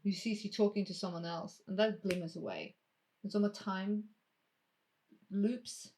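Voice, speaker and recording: A woman running a tabletop game as game master, narrating in a casual, drawn-out way with some swearing. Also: medium pitch, steady tone, darkish tone, a little hiss or hum.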